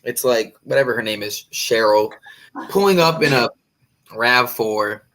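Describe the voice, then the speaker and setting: Animated, swearing man telling a story. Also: mid-range voice, unhurried. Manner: animated, profane, acts out quoted voices. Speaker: podcast co-host. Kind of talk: casual storytelling among friends.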